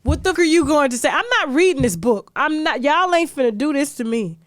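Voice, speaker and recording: A woman's voice: high-pitched, lively intonation, fairly quick, no echo, clean studio sound. A woman hosting a gossip commentary show, ranting in a brash, profane, rhetorical way. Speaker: host.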